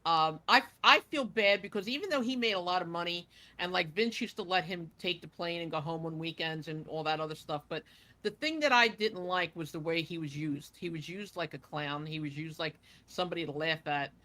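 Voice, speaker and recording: Chatty lady guest rambling thru old stories, bright sharp voice, lots of ums. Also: fairly low pitch, fairly quick. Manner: chatty, rambling with many fillers. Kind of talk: casual storytelling interview.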